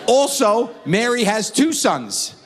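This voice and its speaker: A middle-aged man doing stand-up storytelling on a comedy stage, animated and jumping in and out of voices. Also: very high-pitched, slow pace. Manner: animated, with wild swings into voices. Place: comedy stage before a live audience. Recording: long hall reverb, faint room noise.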